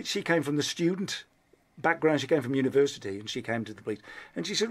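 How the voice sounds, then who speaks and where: A man's voice: medium pitch, fairly quick. A middle-aged man with a Black Country accent, a comedian chatting as a radio guest, telling rambling, self-deprecating stories full of restarts. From Black Country, England. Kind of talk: casual interview chat.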